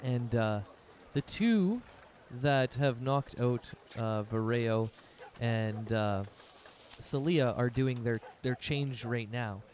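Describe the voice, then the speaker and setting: A man's voice: mid-range voice, slow, darkish tone, slight background noise. A man narrating as game master of a tabletop game, rambling loosely with many fillers.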